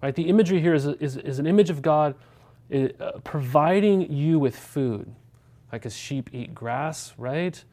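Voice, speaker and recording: A man preaching a sermon, his voice set a little high for a man but mellow and warm in tone. He talks to the congregation directly, firing off rhetorical questions and tagging points with a quick "right?". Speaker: pastor.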